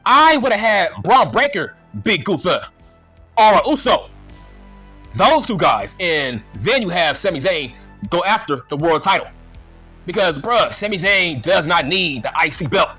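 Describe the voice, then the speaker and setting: A man ranting in a casual, exasperated and profane way as a wrestling show reviewer, repeating his points with a slightly husky voice. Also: sits high, big pitch swings, measured pace, bright, forceful tone, soft background music.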